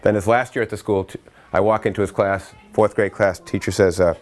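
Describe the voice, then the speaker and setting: Soft music plays behind this educator-workshop speaker, a middle-aged Massachusetts man whose voice sits on the low side. Energetic and theatrical, he rattles off stories in short bursts, breaks off mid-thought, voices the quotes he tells, and bursts into chants.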